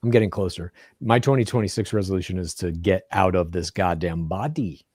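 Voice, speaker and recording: A man's voice: low-pitched, a little fast, a little mellow, no echo. A young man co-hosting a podcast, chatting casually and reading out viewer comments with loose, swearing asides. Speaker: podcast co-host.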